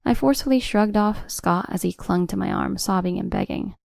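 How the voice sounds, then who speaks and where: Speaking in a cool, steady way, a woman narrates a family drama in the first person, at a fairly quick pace. Her mid-pitched voice is gravelly and creaky, captured on a close mic in a dry room with no echo.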